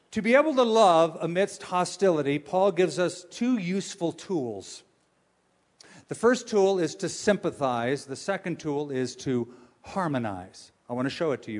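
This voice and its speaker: A male pastor preaching a sermon, with animated, humorous storytelling and questions for his audience. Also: on the high side.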